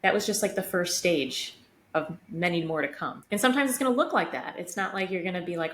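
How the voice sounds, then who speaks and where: A woman co-host talks through a personal relationship story in a relaxed, reflective way, her speech full of casual fillers. Her voice sits a little low. The room sounds echoey, with faint noise in the background. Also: brisk. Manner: reflective, open, uses many fillers like "like". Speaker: podcast co-host. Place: home room, vacuum running outside the door.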